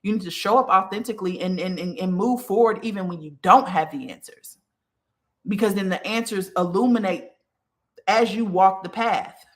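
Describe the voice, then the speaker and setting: A woman's voice: medium pitch, moderate pace. A woman giving a casual spiritual talk, addressing her listeners directly and often checking in with "okay". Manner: conversational, many fillers like okay and like. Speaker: spiritual teacher.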